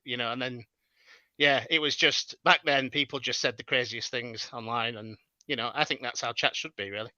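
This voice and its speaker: A man's voice: mid-range voice, steady tone, normal speed, bright, forceful tone, no room sound, lo-fi sound. A British man in his thirties, a guest podcaster, chatting in an easygoing, hesitant way. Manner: easygoing, hesitant, many fillers and restarts. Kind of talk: casual chat.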